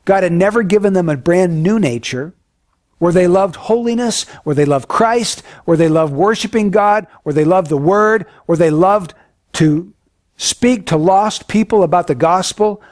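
Earnest high-voiced male preacher. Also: moderate pace, dry recording, clean studio sound. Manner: earnest, emphatic, dropping to hushed solemn tones. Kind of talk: sermon.

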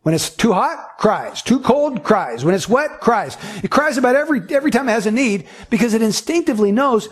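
Pastor, male, husky and high-pitched, earnest sermon delivery with repetitive emphasis. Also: very animated, brisk, few pauses.

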